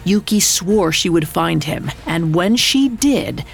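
A woman narrates a folk tale in a dramatic, scripted style. Her voice is gravelly with vocal fry and sits a little low. She speaks very slowly, with soft music playing beneath her. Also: animated. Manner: slow, dramatic storytelling delivery. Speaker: podcast narrator. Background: faint music.

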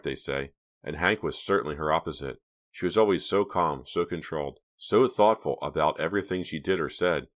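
A man narrating a teen thriller audiobook in an even, measured storytelling manner. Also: low voice.

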